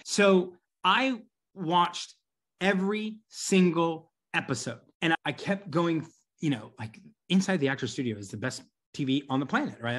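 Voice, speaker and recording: A middle-aged man as an interview guest, answering at length and acting out quoted voices with lively energy. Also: on the high side. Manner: animated storyteller, acts out quoted voices. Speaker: guest, business coach.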